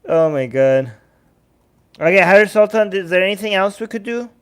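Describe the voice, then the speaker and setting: A man's voice: high voice, moderate pace, smooth. A man hosting a livestream, talking casually and reading out chat messages, with frequent restarts. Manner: animated, restarts often, reads chat aloud. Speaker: livestream host.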